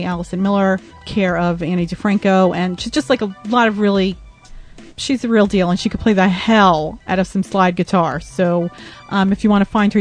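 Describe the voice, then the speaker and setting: A woman hosting a podcast, talking in a chatty, rambling way. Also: medium pitch. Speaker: podcast host. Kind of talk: casual podcast talk.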